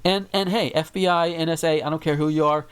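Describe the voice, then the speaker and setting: A man's voice: fairly high pitch, steady tone, fast talker, smooth. A man from the United States hosting a podcast and ranting profanely in casual chat. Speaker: podcast host.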